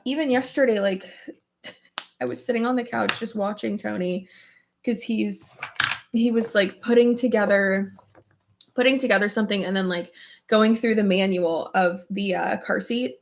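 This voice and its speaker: Against a noisy background, a young woman with a steady, mid-range voice talks at normal speed while filming a get-ready-with-me makeup video at home. As a beauty vlogger, she rambles with fillers and casual curses, laughing easily yet sometimes tearing up.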